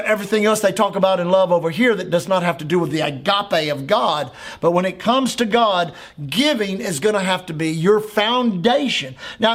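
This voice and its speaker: A man's voice: high voice, a bit bright. A man, a pastor, preaching a sermon in a church with an emphatic, repetitive cadence.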